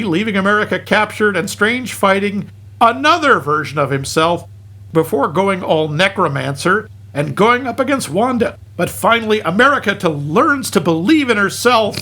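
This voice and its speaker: Husky high-voiced guy doing a jokey movie recap, bouncy pitch all over. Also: pushed and bright. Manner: jokey, deliberate fake slips and corrections. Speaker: podcast co-host.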